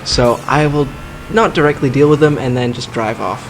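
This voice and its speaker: A man's voice: mid-range voice, normal speed, noisy background. A man casually commenting over his own gameplay, cracking dry jokes and rambling through side remarks. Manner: dry, joking, rambling asides. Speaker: let's play host.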